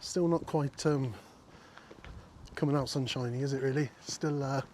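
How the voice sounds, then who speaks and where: A man's voice: mid-range voice, steady tone, moderate pace, darkish tone. A man vlogging on a countryside walk, chatting and joking with viewers and the sheep he passes. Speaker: walking vlogger. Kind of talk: casual walking vlog chat. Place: outdoors on countryside fields and paths. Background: faint wind outdoors.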